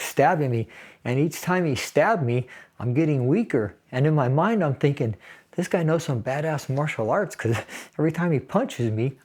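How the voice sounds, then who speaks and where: A man's voice: on the high side, darkish tone. A man in his sixties from California, a Navy veteran casually recounting a personal story in an interview and laughing through grim details. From San Fernando Valley, California.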